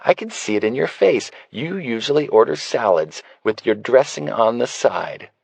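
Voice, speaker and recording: A man's voice: mid-range voice, big pitch swings, moderate pace, creaky, slightly rough, no echo, voice pushed up, exaggerated voice. A man reading an audiobook voicing a sassy, teasing young woman bartender. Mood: mocking. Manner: teasing, exasperated. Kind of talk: audiobook character voice.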